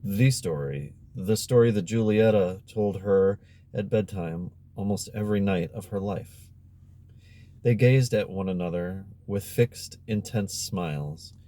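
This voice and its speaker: A man reading a novel aloud as an audiobook narrator, measured and expressive. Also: on the low side. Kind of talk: scripted narration.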